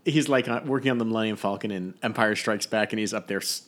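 A man's voice: on the low side, fast talker. A man co-hosting a podcast, joking and telling stories casually. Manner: jokey, lively storytelling. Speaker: podcast co-host.

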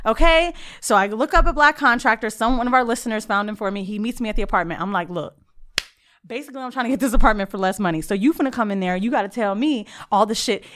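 Lively woman from florida, high and bright, loud chatty storytelling, studio podcast. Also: fast talker. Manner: loud, animated storyteller, switches voices for quotes. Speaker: podcast co-host. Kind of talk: casual chat.

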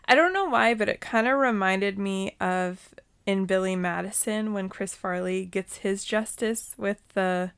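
Woman, thirties, podcast co-host, casual chat, lots of "like", smooth resonant voice. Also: mid-range voice, measured pace, fairly bright tone. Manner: chatty, lots of fillers.

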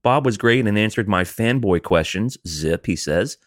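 A man's voice: lowish voice, lively intonation, moderate pace, no room sound, studio quality. A man co-hosting a podcast, chatting loosely and reading listener emails aloud. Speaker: podcast co-host.

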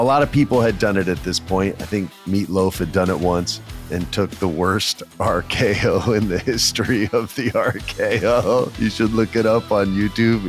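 Man, podcast host, very low voice, dry close sound, rambling anecdotes with jokes on the side. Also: dry recording. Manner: rambling, joking asides. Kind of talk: casual storytelling.

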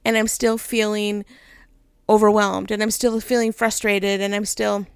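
A woman's voice: mid-range voice, level tone, measured pace, smooth, no echo, studio quality. A middle-aged woman who leads a ministry, talking candidly and emotionally, laughing often and rambling with "right?" tags. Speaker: ministry leader. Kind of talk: candid personal talk.

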